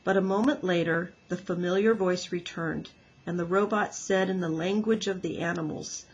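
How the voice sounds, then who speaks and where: Teacher lady reading a kids book out loud, low breathy husky voice, gentle. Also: moderate pace, poor audio. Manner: gentle expressive storytelling. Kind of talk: children's book read-aloud.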